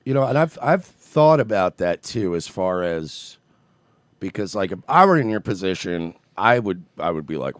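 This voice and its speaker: Animated low-voiced podcast host, dry mic. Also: male voice, normal speed, no echo. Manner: animated, swears, slips into mocking voices. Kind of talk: casual podcast chat.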